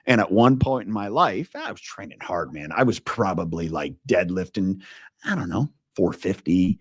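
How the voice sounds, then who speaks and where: Husky low-voiced guy in his 40s, earnest and intense, coaching talk, dry close mic. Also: expressive, normal speed, no echo. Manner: earnest, intense, storytelling with frequent restarts. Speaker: leadership coach. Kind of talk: casual interview talk.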